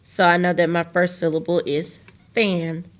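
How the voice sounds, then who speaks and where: A woman's voice: lowish voice, flat delivery, normal speed. Patient woman teaching a phonics lesson. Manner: patient, repeats key phrases and stretches words out for students. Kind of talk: recorded virtual phonics lesson.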